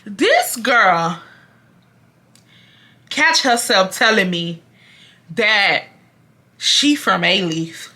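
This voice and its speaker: A woman in her 20s from Houston, Texas, a storytime vlogger, tells a dramatic, profane story directly to her viewers in a casual, animated way. Her voice is medium-pitched, with drawn-out words and long pauses.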